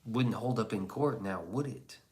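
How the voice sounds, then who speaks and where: A man's voice: lowish voice, measured pace, darkish tone. A man casually reading viewer comments on a live stream, sarcastic and crude, slipping into whispers and mock voices.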